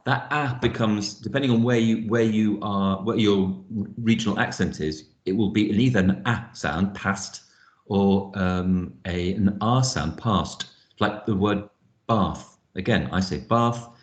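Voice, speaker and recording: A man teaching trainee teachers in an online lecture, thoughtful, sounding out words slowly. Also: lowish voice, echoey room, highs cut off.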